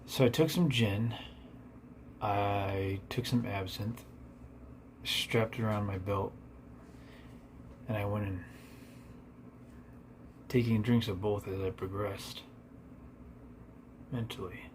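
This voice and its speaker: Low-voiced deadpan storyteller, rambling absurd live tale, male. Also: slow pace, long pauses, slight background noise.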